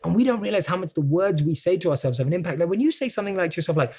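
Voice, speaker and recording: A man's voice: sits high, expressive, very fast, darkish tone, husky. Earnest British man coaching on self-talk. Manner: earnest, explanatory, acts out quoted self-talk. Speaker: guest coach. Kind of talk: conversational self-help talk.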